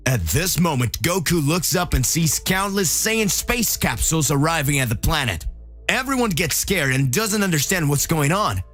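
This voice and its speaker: A man's voice: on the high side, lively intonation, moderate pace, a bit bright, faint music behind. A man narrating a dramatic fan-made story.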